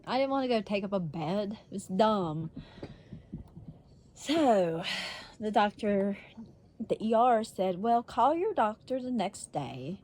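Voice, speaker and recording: A woman's voice: medium pitch, expressive, takes it slowly, long pauses, darkish tone, slight background noise. A woman vlogger telling a story in a casual, blunt way, swearing freely and laughing often.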